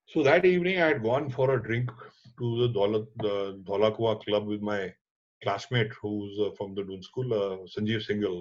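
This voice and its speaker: A middle-aged man with an Indian accent, a documentary filmmaker telling a lively story in conversation and mixing in Hindi words and casual swearing. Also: medium pitch. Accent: Indian English. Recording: dull lo-fi audio.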